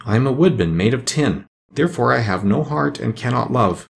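A man's voice: mid-range voice, animated, brisk, gravelly. Man putting on a polite sorrowful tin man, storybook. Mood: mournful. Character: gentle male woodman made of tin.

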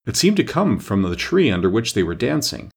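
A man narrating a classic children's book with expressive storytelling. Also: on the low side, a little fast, gravelly, slightly rough. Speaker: audiobook narrator. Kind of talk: scripted narration.

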